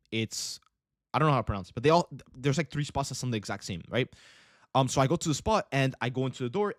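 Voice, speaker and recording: Speaking in a mid-range voice, a young day trader hosting a livestream wanders through a casual story and keeps calling everyone "bro." The sound is clean and studio-grade, with no echo.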